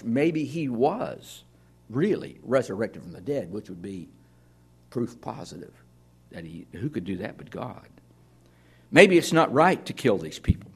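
A man's voice: mid-range voice, creaky, slightly rough. A man preaching a sermon to his congregation in a conversational way, with sudden drops to near-whispers. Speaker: pastor.

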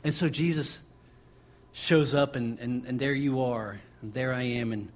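A man's voice: medium pitch, a little slow. A man preaching a sermon, impassioned and building through repeated phrases. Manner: impassioned, driving repetition.

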